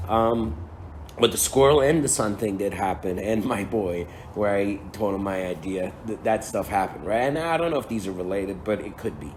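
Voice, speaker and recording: A man's voice: fairly low pitch, normal speed, darkish tone, slight background noise. A man giving a casual, storytelling spiritual lecture, full of slang, swearing and chuckles. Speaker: spiritual speaker.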